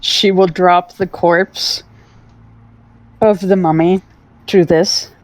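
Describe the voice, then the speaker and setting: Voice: medium pitch, fairly even intonation, takes it slowly, pauses often, no room sound, poor audio. A tabletop game player describing their character's actions casually.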